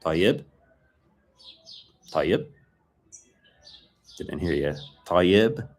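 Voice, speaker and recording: A man with a fairly low voice teaches a filmed language lesson. He talks in a relaxed, chatty way and repeats short phrases so learners can drill them. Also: very slow.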